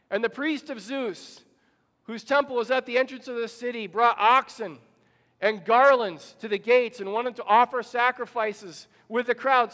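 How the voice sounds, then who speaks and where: Man, pastor, sermon, storytelling, asks questions, high pitch, long reverb. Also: a bit bright.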